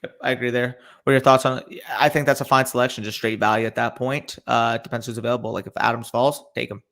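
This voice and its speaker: A young man with a bright, forward voice runs a casual live stream. He reads chat questions aloud and fires back loose, quick reactions. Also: medium pitch, steady tone, creaky. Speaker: fantasy football podcast host.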